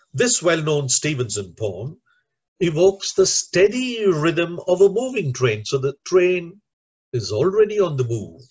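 A man's voice: a little high, darkish tone, breathy edge, highs cut off. A man teaching teachers in a recorded lecture, explaining step by step and often checking in with "right?". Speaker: teacher trainer.

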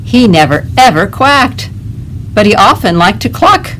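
A woman librarian leading a toddler storytime, reading a picture book aloud in a gentle, animated way. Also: mid-range voice, unhurried, a little hiss or hum. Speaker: children's librarian.

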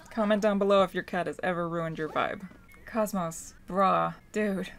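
A young woman casually commenting on her own gameplay, gushing and squealing with excitement. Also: lowish voice, moderate pace, vocal fry. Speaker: gaming channel host.

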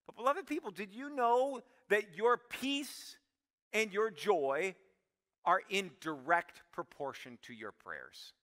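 A man preaching a sermon as pastor, talking animatedly and acting out quick prayers, then dropping to hushed tones. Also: high-pitched, animated, in a large hall.

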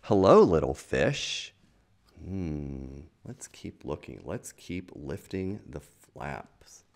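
Deep, gravelly man reading a picture book. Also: very animated, slow. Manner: playful, chatty, enthusiastic. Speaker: children's book reader. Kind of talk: picture book read-aloud.

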